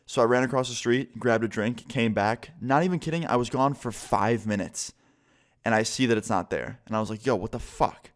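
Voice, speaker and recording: A man's voice: medium pitch, brisk. A young man telling a casual, profane storytime to his viewers and acting out the quotes. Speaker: vlogger.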